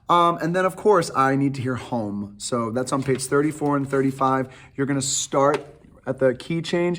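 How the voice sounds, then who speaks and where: A man's voice: mid-range voice, fairly bright tone. A man, a theatre director, giving casual, enthusiastic audition instructions with plenty of fillers.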